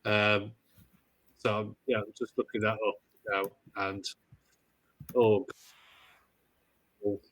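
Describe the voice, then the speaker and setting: A man's voice: on the low side, level tone, slow, long pauses, a bit bright. A man with a Midlands accent co-hosting a podcast in casual chat, rambling and hesitant with jokey asides. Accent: English Midlands. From English Midlands. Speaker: podcast co-host.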